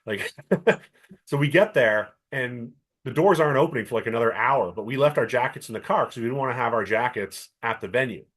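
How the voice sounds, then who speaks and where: A middle-aged man from Canada, co-hosting a podcast and telling a long story with lively acted-out quotes. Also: mid-range voice, brisk. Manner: animated storyteller, acts out quoted voices. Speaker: podcast co-host. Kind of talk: casual chat.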